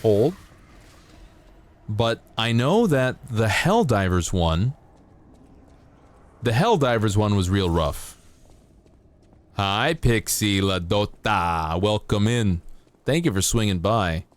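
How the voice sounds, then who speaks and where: A man's voice: fairly low pitch, animated, slow pace, long pauses. A man streaming a game live, chatting casually and playfully with his viewers while he plays. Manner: rambling, playful, talking to chat while playing. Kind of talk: live gameplay stream chat.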